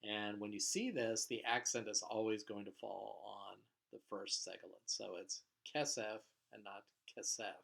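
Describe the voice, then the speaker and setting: Male language teacher, lowish voice, patient explanatory lecture delivery with frequent uhs. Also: normal speed, gravelly, hardly any pauses, fairly bright tone. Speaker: Hebrew teacher. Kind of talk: recorded vocabulary lecture.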